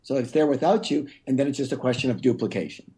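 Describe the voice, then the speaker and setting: A man's voice: medium pitch, lively intonation, fast, dark tone. A middle-aged man speaking as a guest on a podcast interview, emphatic and teacherly, often calling on listeners to pay attention. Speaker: guest author.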